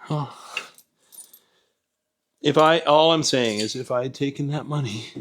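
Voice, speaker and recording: A middle-aged man talks in a mid-range voice from a garage, wandering off into jokes about himself. He mutters half to himself as he works, recorded by a camera set up nearby. A faint hiss of noise runs under him. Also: medium pitch. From Canada. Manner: rambling, joking, self-mocking, muttering while he works. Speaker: home mechanic host. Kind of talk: casual workshop vlog. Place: garage, lying under an old vehicle.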